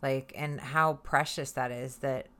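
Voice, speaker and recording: A woman's voice: extremely low pitch, fairly even intonation, unhurried, fairly bright tone. A woman co-hosting a casual podcast who rambles, trails off mid-thought and laughs easily. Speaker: podcast co-host. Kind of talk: casual chat.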